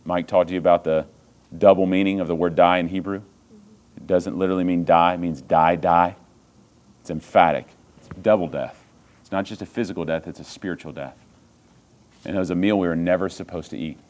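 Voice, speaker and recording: A pastor with a very low voice delivers a sermon. He drops to a quiet hush, then climbs into loud, emphatic preaching and throws rhetorical questions at his congregation. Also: steady tone, a little fast, pauses often.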